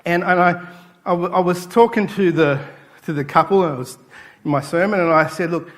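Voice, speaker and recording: A pastor preaching in a church, his voice sitting a little high for a man. He tells stories with energy and acts out the voices of the people in them. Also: fairly quick. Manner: animated storytelling, acting out quoted voices. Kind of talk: sermon.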